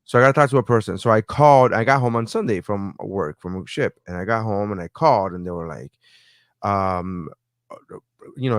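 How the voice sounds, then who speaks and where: A man's voice: lowish voice, fairly quick, no room sound, studio quality. A man co-hosting a podcast, telling a story with lots of swearing and acted-out phone calls. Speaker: podcast co-host. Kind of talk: casual podcast chat.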